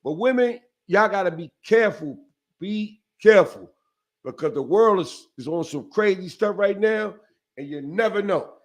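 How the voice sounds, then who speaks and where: A man with a notably high voice tells a story in a relaxed podcast conversation. He is animated and streetwise, with salty language. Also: normal speed. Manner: animated, profane, streetwise, acts out quotes. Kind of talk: casual storytelling chat.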